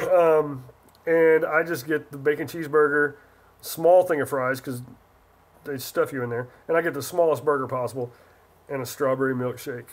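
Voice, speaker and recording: A man's voice: on the high side, fairly even intonation, normal speed. A man from Northern California hosting a casual livestream, rambling and reading viewer chat aloud as he answers. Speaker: livestream host.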